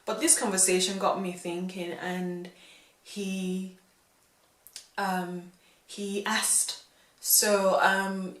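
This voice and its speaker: A young woman vlogging in a reflective, casual way, pausing often with fillers as she thinks aloud. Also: mid-range voice, flat delivery, fairly bright tone, echoey room, rough recording. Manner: slow, thoughtful, pauses with fillers. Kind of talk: reflective casual talk to camera.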